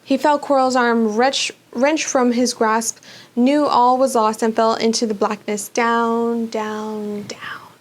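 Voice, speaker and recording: A woman reads a children's fantasy novel aloud, expressive and dramatic in her storytelling. Her voice sits fairly high and lively. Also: unhurried. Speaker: book club reader.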